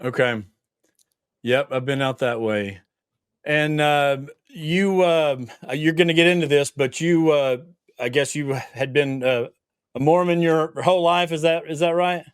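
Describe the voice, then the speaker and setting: Southern guy hosting a chat podcast, kinda high voice, smooth and dry sound, lots of uhs. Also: unhurried, no echo. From Tennessee. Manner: self-deprecating, hesitant with many fillers. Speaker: podcast host. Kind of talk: casual interview.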